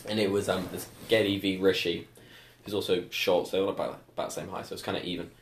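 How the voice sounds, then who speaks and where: A man's voice: low-pitched, steady tone, fast, slight background noise. A young man telling rambling school stories on a casual podcast, full of "like" fillers and laughter. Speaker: podcast co-host. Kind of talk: casual storytelling chat. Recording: echoey room.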